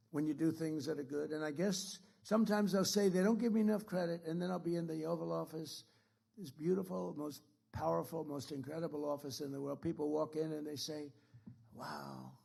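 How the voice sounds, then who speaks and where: A man's voice: on the high side, gravelly, a little mellow. A man speaking as president, giving a rambling, repetitive and boastful political speech to an audience in an indoor room.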